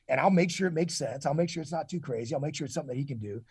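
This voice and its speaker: A husky man in his forties talks earnestly as an interview guest, his voice sitting a little high. He often restarts and repeats words mid-thought. The sound is dry and close. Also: racing, darkish tone, dry recording. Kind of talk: casual interview talk.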